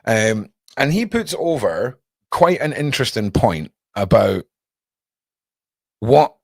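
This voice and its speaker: A man's voice: medium pitch, sing-song, takes it slowly, vocal fry, slightly rough, no echo, clean studio sound. A man hosting a livestream, chatting sarcastically and jokily with lots of slang. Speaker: livestream host. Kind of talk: casual commentary.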